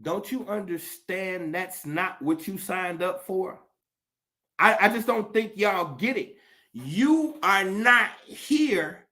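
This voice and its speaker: A man's voice: sits high, expressive, slow pace, sharp tone. Fiery, profane man on a rant. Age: adult. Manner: profane, fiery, preachy rants with rhetorical questions. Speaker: commentator. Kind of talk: impassioned monologue.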